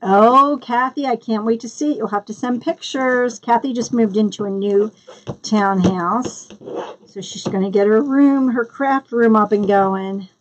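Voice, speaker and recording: Woman, middle-aged, fairly high voice, casual live craft tutorial, chatty, greets viewers by name. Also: unhurried, dull audio. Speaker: crafting livestream host.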